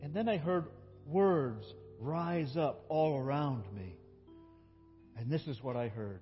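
A man preaching a sermon as a pastor, telling a story and swinging between loud emotional peaks and soft, quiet passages. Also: fairly high pitch, animated, slow pace, in a large hall, lo-fi sound, faint music behind. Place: church.

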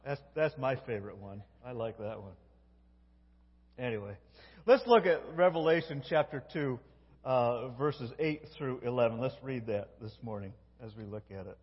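Husky-voiced middle-aged pastor in a reverberant church. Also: male voice, mid-range voice, normal speed. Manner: folksy, self-interrupting, tells jokes. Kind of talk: sermon. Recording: dull lo-fi with long church reverb.

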